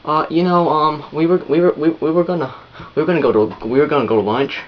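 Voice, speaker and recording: A man's voice: a little hiss or hum, lightly acted. Whiny teen girlfriend, put on by a man, stammering excuses, lo-fi. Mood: hesitant. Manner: high, hesitant and halting.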